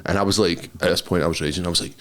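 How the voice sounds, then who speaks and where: A young Scottish man with a lowish voice, co-hosting a podcast. He tells stories in a loose, laughing way, swearing freely. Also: rapid-fire, noisy background. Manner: swearing, laughing, animated storyteller. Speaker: podcast co-host. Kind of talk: casual chat, storytelling.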